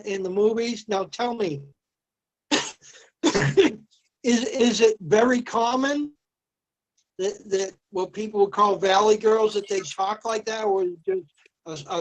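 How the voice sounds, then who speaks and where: A woman talks in an easygoing way, asking questions out of curiosity. She often restarts her sentences while looking for the right words. Her pitch sits in the middle range. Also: slow pace, low-quality recording. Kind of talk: casual chat.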